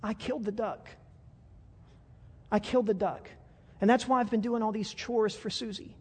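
A man's voice: high voice, steady tone, moderate pace, a little mellow, husky, pitched above the performer's own voice. A man voicing a guilty young boy who breaks down crying, in a long reverberant hall. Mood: tearful confession.

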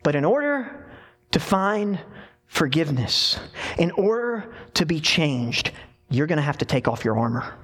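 A man preaching a sermon, telling a scripture story in an animated way and voicing the people in it. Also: a little high, measured pace, husky. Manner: animated storytelling with dramatic voiced quotes. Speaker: pastor.

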